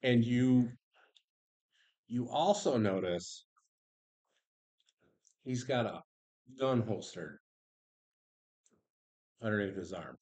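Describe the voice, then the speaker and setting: A man narrating a tabletop role-playing game as game master, animated and quick to laugh. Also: mid-range voice, husky.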